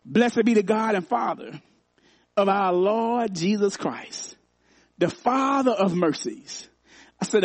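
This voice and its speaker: High-voiced preaching man, dry sound. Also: lively intonation, takes it slowly, no room sound. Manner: repeats phrases for emphasis, rhythmic call to the congregation. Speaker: pastor. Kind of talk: sermon. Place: church.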